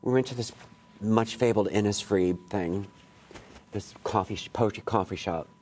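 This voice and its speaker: A lowish, darkish male voice with a faint hiss or hum speaks at a moderate pace. He's a poet leading a college workshop in a classroom, rambling through asides and restarts. His manner is blunt and candid, and he swears easily.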